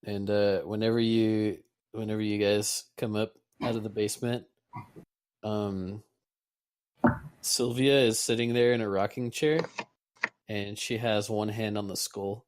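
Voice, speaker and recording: A man running a tabletop game as game master, narrating in a relaxed, halting way with fillers. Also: fairly low pitch, clean tone, low-quality recording.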